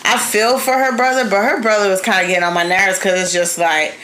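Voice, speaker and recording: A woman's voice: mid-range voice, fairly quick, slight background noise, poor audio. A woman co-hosting a podcast, chatting expressively about a TV show. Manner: expressive, laughs often. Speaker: podcast co-host. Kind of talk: casual review chat.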